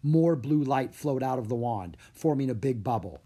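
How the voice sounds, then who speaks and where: A man narrating a children's story in an animated storybook way. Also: mid-range voice, normal speed.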